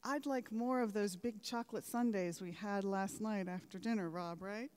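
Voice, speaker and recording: A woman's voice: mid-range voice, normal speed, darkish tone, clean tone. Woman giving a speech in an echoing hall. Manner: engaging, uses rhetorical questions and anecdotes. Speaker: commencement speaker. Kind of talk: formal ceremonial speech. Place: large ceremony hall.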